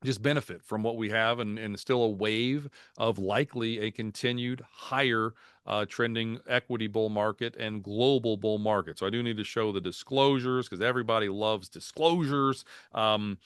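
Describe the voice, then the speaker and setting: A man giving a lively, folksy market talk on a video call, mixing jokes and anecdotes into the numbers. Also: fairly low pitch, normal speed, clean tone, dry recording, clean studio sound. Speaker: market strategist guest speaker. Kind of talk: webinar presentation.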